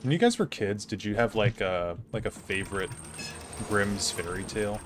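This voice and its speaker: Male streamer, 30s, low register, halting casual delivery. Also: lively intonation, slight background noise. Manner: rambling, halting, many fillers and restarts. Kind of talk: casual storytelling while gaming.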